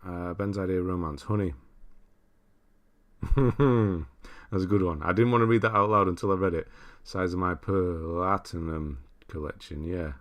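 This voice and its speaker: A man from Britain hosts a relaxed livestream, working through viewer comments one by one. His voice sits low and deep. He chats loosely and laughs often as he goes. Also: moderate pace, long pauses. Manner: chatty, laughs often, reads chat aloud. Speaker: livestream host. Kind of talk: casual livestream chat reading viewer comments.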